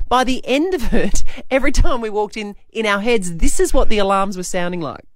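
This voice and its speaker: Lively Australian woman telling a story. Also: mid-range voice, fairly quick, no echo. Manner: animated, self-mocking, laughing often. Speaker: radio breakfast show host. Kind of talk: casual radio chat, storytelling.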